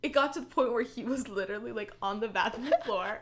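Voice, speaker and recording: A woman's voice: on the high side, quick pace. A young woman as a podcast guest, chatting casually with many fillers and breaking into laughter as she tells stories. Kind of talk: casual interview chat.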